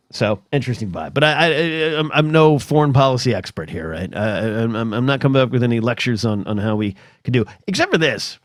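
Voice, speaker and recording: A man's voice: mid-range voice, lively intonation, a little fast, few pauses, dry recording, studio quality. A middle-aged man hosting a solo podcast, telling stories in a rambling, chatty way full of asides. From United States. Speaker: podcast host.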